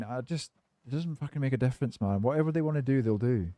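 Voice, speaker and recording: A man's voice: mid-range voice, fast, dark tone, dry recording. A man streaming a game and chatting casually with viewers, laid-back and cynical, swearing freely and rambling between topics while he answers chat.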